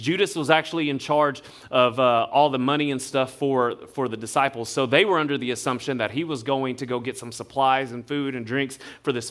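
A male pastor, preaching a sermon in a relaxed, conversational storytelling way. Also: medium pitch. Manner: conversational storytelling, acts out quotes.

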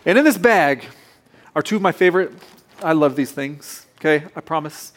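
A man's voice: a little high, expressive, moderate pace. A man in his thirties preaching a sermon, casual and playful, with joking asides to the congregation. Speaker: pastor.

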